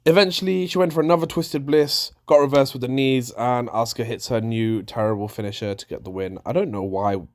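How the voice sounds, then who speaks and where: A man's voice: mid-range voice, brisk, few pauses. Exasperated man ranting. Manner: animated and exasperated, with frequent restarts. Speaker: wrestling show reviewer. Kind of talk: casual ranting review.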